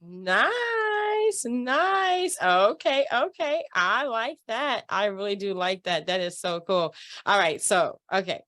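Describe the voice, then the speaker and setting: A woman of middle pitch hosts a relaxed interview. She praises her guest often and laughs easily, with a steady, conversational delivery. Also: unhurried. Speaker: interview host. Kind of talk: casual interview.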